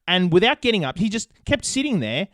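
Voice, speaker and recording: A man's voice: sits high, sing-song, fairly quick, fairly bright tone, dry recording, clean studio sound. A young Australian man hosting a podcast, telling a rambling story with plenty of swearing in casual chat. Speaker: podcast host.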